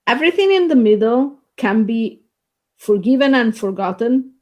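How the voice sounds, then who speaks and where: A woman co-hosting a podcast, giving measured, reflective opinions in a casual film chat. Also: on the high side, lively intonation, darkish tone. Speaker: podcast co-host.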